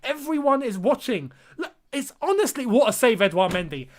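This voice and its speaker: A young man with a very high, sing-song voice speaks at normal speed while hosting a live football watchalong. Exasperated and incredulous, he reacts to the match and addresses his viewers directly as lads.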